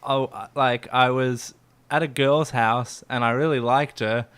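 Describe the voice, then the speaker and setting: A man with a bright, clear-edged voice hosts a loose comedy podcast. He tells rambling stories, laughing through his own lines as he goes. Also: mid-range voice, steady tone, measured pace. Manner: rambling, giggly storyteller. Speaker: podcast host. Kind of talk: casual comedy podcast chat.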